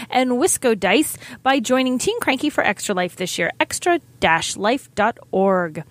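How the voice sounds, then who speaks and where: A middle-aged woman hosting her own podcast segment, telling a chatty, upbeat story about a convention. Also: on the high side. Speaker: segment host.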